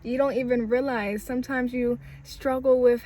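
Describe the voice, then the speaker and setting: A young woman with a fairly high voice delivers an uplifting spiritual message. She talks casually and warmly, as if speaking to a friend. She stacks repeated phrases to build emphasis. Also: steady tone, normal speed, hardly any pauses. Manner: conversational and emphatic, with repetition. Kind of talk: casual inspirational preaching.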